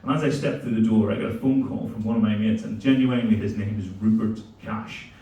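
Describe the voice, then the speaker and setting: Man in his forties, crude and lively stand-up, echoey club room, mic far off. Casting: a headliner telling stories. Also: lowish voice, brisk. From Belfast, Northern Ireland. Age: 40s. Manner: crude, animated storytelling. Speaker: stand-up comedian. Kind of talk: stand-up comedy. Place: comedy club stage.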